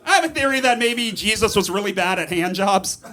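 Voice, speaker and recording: A man in his thirties doing a stand-up comedy set on a club stage, campy and animated, with sudden high squeals on punchlines. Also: brisk, a crowd in the background. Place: comedy club stage before a live audience. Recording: live club recording, loud laughter. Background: loud audience laughter.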